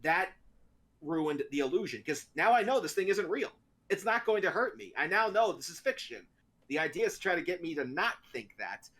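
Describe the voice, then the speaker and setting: Animated, bright-voiced man telling stories. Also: high-pitched, brisk. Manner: animated storyteller, laughs often. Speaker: podcast co-host. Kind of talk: casual chat.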